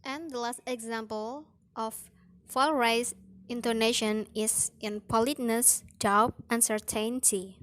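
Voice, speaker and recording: Slow, careful young woman reading a lesson. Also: on the high side, fairly even intonation, fairly bright tone. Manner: slow, careful reading with acted example sentences. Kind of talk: reading a phonetics lesson aloud.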